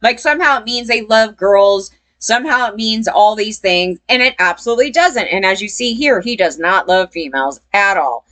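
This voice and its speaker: A woman's voice: mid-range voice, animated, moderate pace, hardly any pauses, pushed and bright. A woman giving casual opinion commentary as a vlogger, blunt and profane, rambling and laughing between points.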